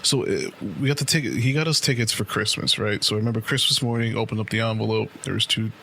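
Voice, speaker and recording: Fast, creaky, pushed, and bright, this man's low-leaning voice drives a long, casual story on the podcast he co-hosts. He's in his late twenties and swears constantly, filling gaps with "like" and "right?". A slight hiss or hum is present.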